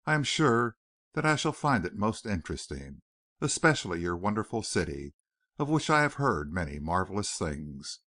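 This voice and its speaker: A man reading the part of a polite French detective who speaks slowly and formally with a faint French accent. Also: lowish voice, very animated, pushed and bright, no room sound, clean studio sound. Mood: courteous. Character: polite middle-aged male French detective.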